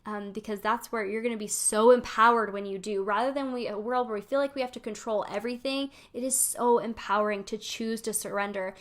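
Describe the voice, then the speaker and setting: A fairly high-voiced woman in her thirties hosts a live card reading. She talks casually and warmly, calling her viewers her sweet friends, with an upbeat, encouraging manner. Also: fairly even intonation, fairly quick, hardly any pauses. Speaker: spiritual coach hosting weekly card pulls.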